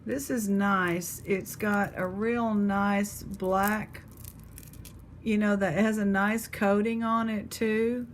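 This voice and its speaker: Slow-talking woman sorting jewelry. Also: medium pitch, fairly even intonation, a little hiss or hum. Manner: chatty, talks to her pet and viewers while sorting jewelry. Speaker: jewelry reseller host. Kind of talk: casual unboxing chat.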